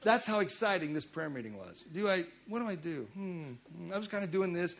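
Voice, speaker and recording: A middle-aged man preaching a sermon, telling a personal story in a conversational way that swings between loud urgency and hushed intensity. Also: high voice, animated, brisk, vocal fry.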